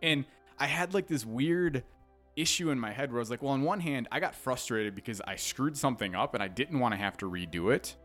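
Animated man reviewing games with laughter. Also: mid-range voice, a little fast, soft background music. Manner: animated, laughs often, restarts sentences. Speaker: podcast co-host. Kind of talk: casual game review chat.

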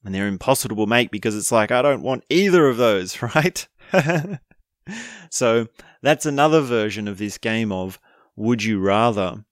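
A man talking casually on his own, chatty and quick to laugh, often ending lines with a questioning "right?". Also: lowish voice, no room sound, studio quality. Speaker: speaker explaining a topic. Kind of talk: casual monologue.

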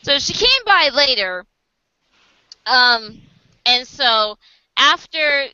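A woman's voice: sits high, very animated, drawn-out words, sharp tone, smooth, no room sound, dull audio. An American woman casually telling a story to camera, acting out other people's lines and laughing often. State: sleep deprived. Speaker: vlogger.

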